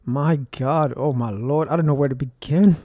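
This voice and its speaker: A New man speaks straight into a close, dead-dry mic in a somewhat high voice. He rambles in an agitated monologue, swearing freely, repeating phrases and filling gaps with ums and uhs. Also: normal speed, dry recording, lo-fi sound. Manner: rambling, profane, with frequent fillers and repeated phrases. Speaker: streamer.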